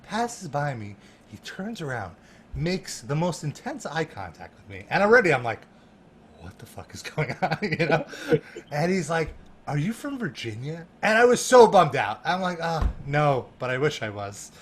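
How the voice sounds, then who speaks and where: A man guesting on a podcast, telling an animated story with laughter and lots of "like" fillers. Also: on the high side, normal speed, slight background noise. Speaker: guest, music journalist.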